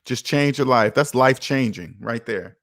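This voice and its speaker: A man's voice: mid-range voice, moderate pace, a bit bright, dry recording, clean studio sound. A man in his thirties hosting a personal finance show, talking casually and passionately, repeating his points like a preacher. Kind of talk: casual talk monologue.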